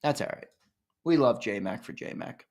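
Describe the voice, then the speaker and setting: A man hosting a casual live-stream sports fan show, chatting with viewers and breaking into loud, excited hollers. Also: mid-range voice, a little slow.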